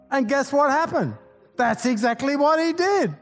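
High-voiced man preaching a fervent sermon. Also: animated, normal speed, soft background music. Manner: exclamatory, rallying the congregation; folksy asides and rhetorical questions. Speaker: pastor.

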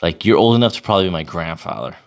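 A man in his thirties telling a casual, profane, animated story about himself. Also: low-pitched, racing. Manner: profane, animated, self-mocking.

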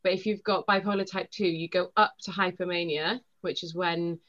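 Animated woman on a lo-fi podcast. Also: fairly low pitch. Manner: rapid, animated storytelling with acted-out quotes. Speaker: guest. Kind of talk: podcast conversation. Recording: dull lo-fi sound.

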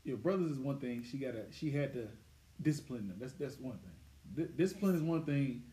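A man's voice: mid-range voice, expressive, a little fast, mellow. A man in a casual group chat, opinionated, joking and profane.

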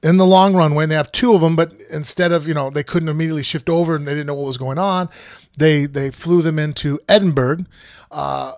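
Rambling storyteller man, gravelly voice. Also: a little high, a little fast, dry recording, studio quality. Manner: rambling, animated storyteller acting out quoted dialogue. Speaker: podcast co-host. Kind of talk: casual travel storytelling.

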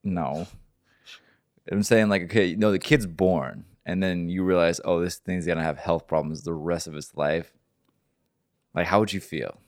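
Deep-voiced man reacting in disbelief. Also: steady tone, no room sound, studio quality. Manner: laughs along, quick incredulous reactions. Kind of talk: casual chat.

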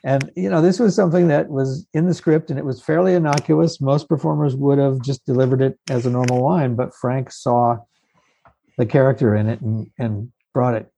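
The man, a puppeteer being interviewed, has a warm, medium-pitched voice with vocal fry, fairly even intonation, and a moderate pace. He casually tells stories, chuckling and restarting as he trails off, on a low-quality recording.

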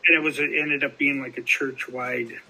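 A man's voice: mid-range voice, steady tone, moderate pace, bright, forceful tone, slightly rough, rough recording. A man hosting a casual recovery podcast, telling a story in rambling fashion with many restarts and fillers. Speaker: podcast host.

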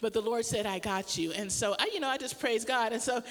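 A woman's voice: on the high side, quick pace, big-room sound. A middle-aged woman pastor tells a personal story in a casual sermon, laughing often as she talks. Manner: animated storytelling with frequent laughter.

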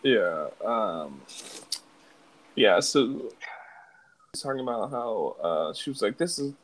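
A man's voice: fairly low pitch, lively intonation, takes it slowly, low-quality recording. A young man co-hosting a podcast, retelling scenes in a laid-back, casual way. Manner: laid-back storytelling with fillers. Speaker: podcast co-host. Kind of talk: casual chat.

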